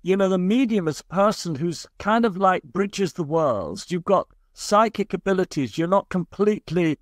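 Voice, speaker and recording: A man's voice: high voice, expressive, moderate pace, no room sound, studio quality. A man, a guest scientist, explaining ideas in long, reassuring, flowing sentences. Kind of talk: explanatory podcast interview.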